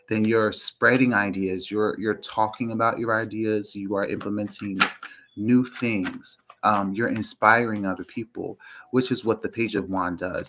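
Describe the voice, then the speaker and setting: A man giving a casual tarot reading, meandering with frequent ums and restarts and often clearing his throat. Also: on the low side, a bit bright, slight background noise, low-quality recording. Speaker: tarot reader.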